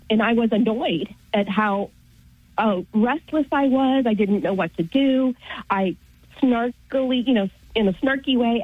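A woman's voice: a little high, breathy edge, dry recording. A woman caller on a radio show telling a personal story in an earnest, storytelling way. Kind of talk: phone-in testimony. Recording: dry, tinny phone line.

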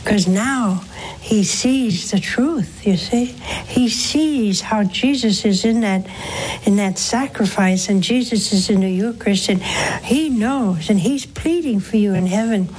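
An older woman hosting a religious call-in show, counseling a caller in a gentle, pleading, preacherly way. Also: mid-range voice, unhurried, husky. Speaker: religious TV host taking calls.

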